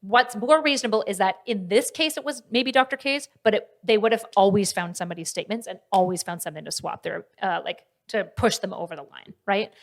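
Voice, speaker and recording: A woman streamer giving casual, animated commentary, arguing her points in fast bursts. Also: medium pitch. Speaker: streamer reacting to videos.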